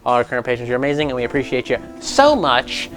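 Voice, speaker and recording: A young man hosting a casual gaming news show, animated and jokey, often slipping into mocking voices. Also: mid-range voice, fast talker, soft background music.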